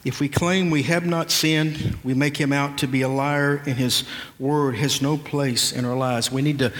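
A man's voice: medium pitch, fairly even intonation, moderate pace, fairly bright tone, in a large hall. A male pastor preaching an earnest, conversational sermon, often restarting his sentences.

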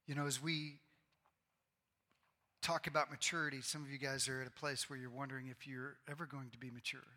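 A pastor in his forties preaching a sermon to his congregation, earnest and bursting into loud, excited outbursts. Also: mid-range voice, brisk. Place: church sanctuary. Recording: long reverb of a large hall.

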